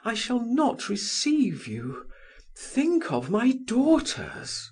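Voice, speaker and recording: A trembling married woman, put on by a male narrator refuses in high, shaky tones. Her pitch climbs far above the reader's usual voice, with a slightly raised level. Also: wildly swooping pitch, very slow, a little mellow, slightly rough, full character voice. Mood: distressed. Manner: high, tremulous, protesting.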